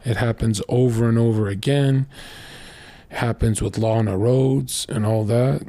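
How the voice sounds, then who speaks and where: A man's voice: medium pitch, fairly even intonation, measured pace, warm tone, no room sound. A young man telling crude stories in a blunt, boastful casual monologue as a streamer.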